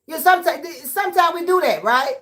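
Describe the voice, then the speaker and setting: A woman hosting a livestream, reading viewer comments aloud and trash-talking back with loud laughter. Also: extremely high pitch, expressive, a little fast. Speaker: livestream host reading chat. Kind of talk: casual livestream chat.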